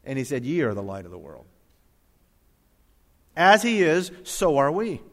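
A man preaching a sermon, reading scripture aloud and swinging between loud emphatic lines and soft quiet ones. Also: medium pitch, huge pitch swings, measured pace. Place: church hall with congregation. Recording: long reverb of a hall.

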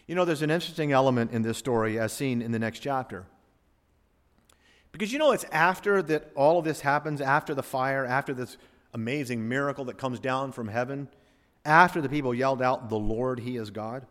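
A man preaching a sermon as pastor, dropping to a hush and then rising to a boom. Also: fairly quick, in a large hall. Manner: preacherly, swings from hushed to booming.

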